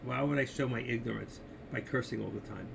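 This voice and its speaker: A man's voice: mid-range voice, a little fast, vocal fry, a little hiss or hum. An older man hosting a casual live stream, talking markets and opinions in a rambling, opinionated way, speaking straight to his viewers.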